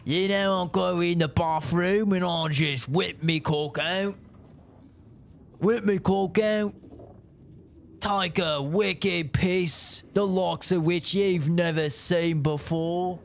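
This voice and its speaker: A man voicing a crude, brash Australian bloke in a mock Australian accent, loud and swaggering. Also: high voice, steady tone, slow pace, gravelly, pitched above the performer's own voice, heavily acted. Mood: boastful.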